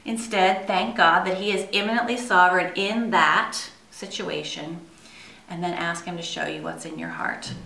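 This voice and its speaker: A woman's voice: on the low side, animated, moderate pace, gravelly, bright, forceful tone. A woman giving an earnest devotional sermon to her church, asking many rhetorical questions. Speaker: church speaker. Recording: echoey room, far from mic.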